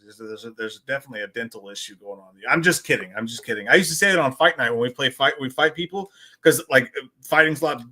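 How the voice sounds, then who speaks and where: Profane, mocking man with a bright voice. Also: medium pitch, quick pace. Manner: profane, mocking, deadpan jokes. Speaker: podcast co-host. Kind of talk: casual livestream chat.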